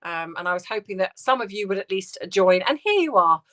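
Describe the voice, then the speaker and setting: British woman, livestream host, bright voice, soft halting speech, many ums and restarts. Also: mid-range voice, animated. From United Kingdom. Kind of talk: casual livestream chat reading viewer comments.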